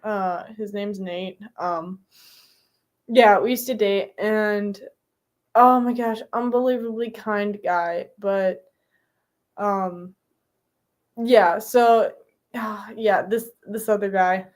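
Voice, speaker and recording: A woman's voice: medium pitch, fairly even intonation, slow, long pauses. A young woman streaming live, chatting casually with her viewers, giggly and full of fillers.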